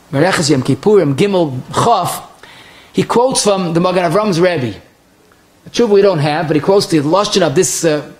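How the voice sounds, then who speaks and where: A rabbi in the middle of a halacha class talks. He moves quickly from one source to the next, stumbling and restarting as he goes. His speech is full of Hebrew and Yiddish terms. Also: high-pitched. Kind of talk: Torah lecture.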